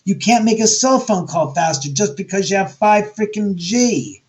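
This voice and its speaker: A man's voice: high-pitched, animated, moderate pace. A man talking bluntly and with plenty of swearing as a guest in a casual radio interview, acting out the voices of people he quotes. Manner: blunt, profane storytelling. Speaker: author and guest.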